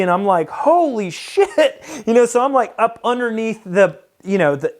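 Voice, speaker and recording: High-voiced man telling a rambling story. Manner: rambling, profane, acts out quoted lines. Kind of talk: casual personal anecdote.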